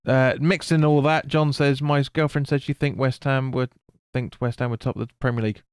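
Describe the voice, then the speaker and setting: A man streams a football watch-along, calling the play and reading chat, answering viewers bluntly and swearing freely. His medium-pitched voice is steady, smooth and brisk, in a dry recording with clean studio sound.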